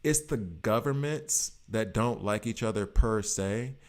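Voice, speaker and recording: Talking with his stream viewers in a rambling, slang-filled way, this American man in his late 30s speaks with a lowish voice at a measured pace.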